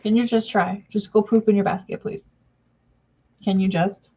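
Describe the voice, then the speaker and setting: A woman's voice: mid-range voice, steady tone, normal speed, dark tone, lo-fi sound, a little hiss or hum. A woman talking to her pet bird in a casual vlog, coaxing it in a sing-song baby-talk voice, recorded at home. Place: home room by a window.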